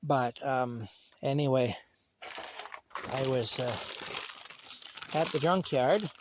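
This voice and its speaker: A man's voice: mid-range voice, takes it slowly, noisy background. A man, chatting in a rambling, casual way outdoors in a rural yard at night and talking fondly to his cat. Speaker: vlogger.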